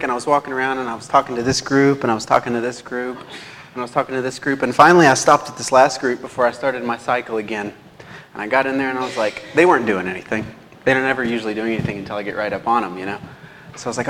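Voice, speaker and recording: Fast and steady in tone, his mid-range voice slightly bright, the young lay preacher pokes fun at himself through stories and frequent chuckles. Long church-hall reverb surrounds him, along with a little hiss or hum.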